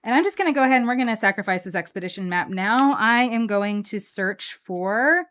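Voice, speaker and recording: A woman's voice: medium pitch, expressive, a little fast, fairly bright tone. A woman hosting a live card game stream, chatting casually and upbeat with lots of fillers while she plays.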